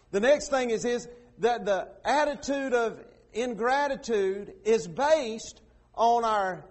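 High-voiced pastor preaching. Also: male voice. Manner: folksy preaching with sudden loud acted quotes. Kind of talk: sermon.

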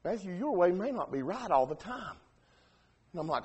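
A preacher, delivering a sermon that swings from quiet asides to shouted emphasis. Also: male voice, sits high, sing-song, normal speed, slightly rough. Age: 40s.

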